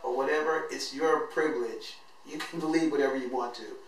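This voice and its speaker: A man's voice: medium pitch, normal speed. Guy telling his life story, heartfelt, acts out what he said, far from the mic in a big echoey room. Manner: earnest and emotional, acts out his own past words. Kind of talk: personal storytelling monologue.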